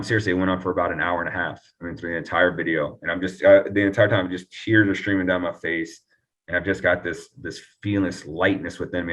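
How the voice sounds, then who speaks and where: A man telling his recovery story earnestly and reflectively as an interview guest, often pausing and restarting. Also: sits low, fairly bright tone, recorded from a distance.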